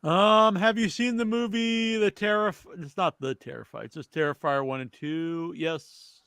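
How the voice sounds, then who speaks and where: A man's voice: high voice, steady tone, moderate pace, fairly bright tone, clear, resonant tone, no echo. A man hosting a podcast, reading out trivia and then chatting loosely with lots of fillers. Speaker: podcast host. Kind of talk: casual wrestling chat.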